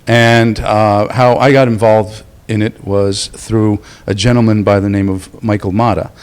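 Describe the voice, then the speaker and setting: Guest interviewee, male, lowish voice, halting and casual, lots of "uh". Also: flat delivery, smooth. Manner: halting, many fillers and restarts. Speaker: convention co-founder, interview guest. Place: club venue at an event.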